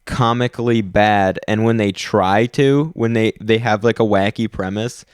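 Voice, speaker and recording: A man's voice: fairly low pitch, steady tone, a little slow, clear, resonant tone, no echo, clean studio sound. A young man co-hosting a podcast, rambling in casual chat and trailing off mid-sentence. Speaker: podcast co-host.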